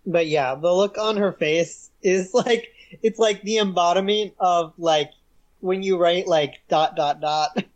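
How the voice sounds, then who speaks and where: A young woman co-hosting a podcast, recapping a TV episode in casual chat, relaxed and amused with frequent giggles. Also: fairly low pitch, a little slow, muffled recording. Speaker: podcast co-host.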